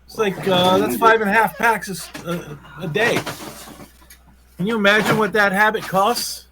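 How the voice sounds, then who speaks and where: A man with a fairly high voice chats easily, working through numbers out loud and stumbling now and then. He sounds like a relaxed regular among friends. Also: normal speed, noisy background. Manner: chatty, tallies figures aloud, stumbles on words. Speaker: podcast co-host. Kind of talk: casual banter.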